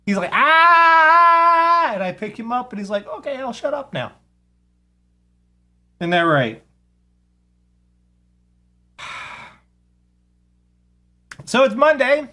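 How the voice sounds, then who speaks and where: A man's voice: high-pitched, a bit bright. A man hosting a casual live radio show, rambling and sarcastic, swearing freely as he talks.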